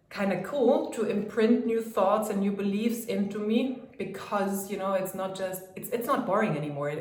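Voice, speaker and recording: A woman's voice: medium pitch, echoey room. A woman life coach talking casually to camera, emphatic, swinging between mocking and commanding tones. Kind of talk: casual direct-to-camera talk.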